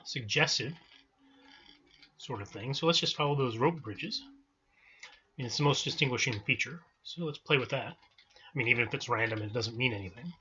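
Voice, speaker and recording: Bright-voiced man narrating his game. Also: mid-range voice, normal speed, long pauses, muffled recording. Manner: relaxed, thinking aloud with fillers. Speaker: let's-play host. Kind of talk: casual gameplay commentary.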